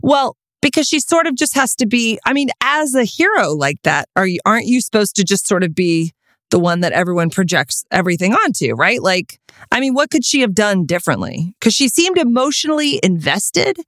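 A woman co-hosting a podcast in casual chat, chatty and animated, often trailing off mid-thought. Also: medium pitch, fairly quick, no echo, studio quality. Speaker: podcast co-host.

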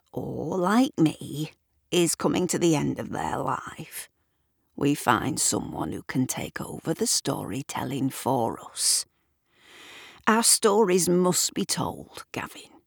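A woman voicing a muddled, earnest old man who speaks gruffly and breaks off mid-sentence in a storybook reading. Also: deep voice, big pitch swings, slow pace, dry recording, clean studio sound, heavily acted.

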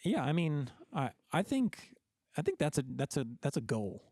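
A man's voice: fairly high pitch, very animated, normal speed, darkish tone, breathy edge, dry recording, clean studio sound. A man hosting a podcast in casual chat, joking and often repeating words as he starts sentences. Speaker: podcast host.

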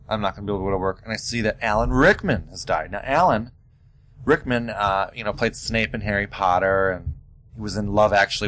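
A man hosting his own podcast, talking in a sassy, animated way with big jumps in pitch. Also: slight background noise, rough recording. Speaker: podcast host. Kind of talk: casual solo podcast monologue.

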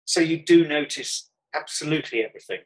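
A man's voice: fairly high pitch, a little fast, rough recording. A man from Birmingham with a Birmingham accent, telling a rambling travel anecdote in an interview, full of restarts and chuckles. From Birmingham, England. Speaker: artist guest. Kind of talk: conversational interview, storytelling.

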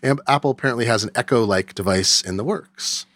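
A man's voice: medium pitch, brisk, a bit bright, no room sound. Hesitant man in casual tech chat. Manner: hesitant, many filler sounds and restarts. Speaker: podcast co-host.

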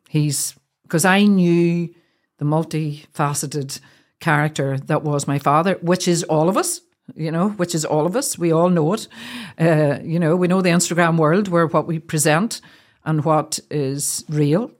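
A woman with a Northern Irish accent, a guest recounting a personal story in an earnest, heartfelt way, often restarting her sentences. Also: low voice.

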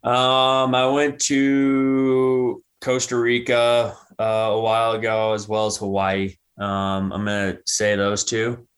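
Young man, interview guest, smooth voice, flat delivery, laid-back answers. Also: mid-range voice, slow pace. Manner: relaxed, many "um" and "you know".

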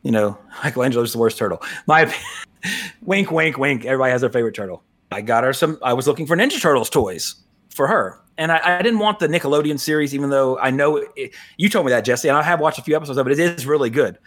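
A man's voice: mid-range voice, expressive, quick pace, a bit bright. A man in his forties hosting a casual podcast, rambling loosely, with frequent chuckles and restarts. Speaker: podcast host.

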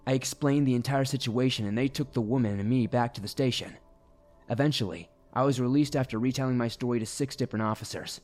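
A man reading a first-person horror story aloud in a steady, grave storytelling manner. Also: medium pitch, quick pace. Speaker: narrator. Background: faint music.

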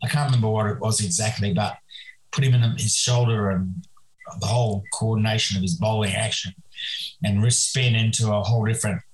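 Older man, sixties, low-ish voice, rambling guest with frequent restarts. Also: fairly even intonation, poor audio. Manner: rambling, reminiscent, halting with many restarts. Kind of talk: remote podcast interview.

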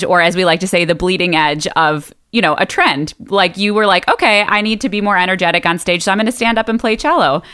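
Female co-host, upbeat, bright tone, wraps up segments. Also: fairly low pitch, clean tone. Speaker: podcast co-host. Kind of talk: casual podcast chat.

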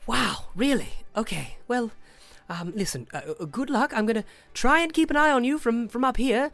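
A game master voicing a flustered, scatterbrained female god, talking in a rushed way. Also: medium pitch, expressive, vocal fry, a bit bright, dry recording, pitched above the performer's own voice.

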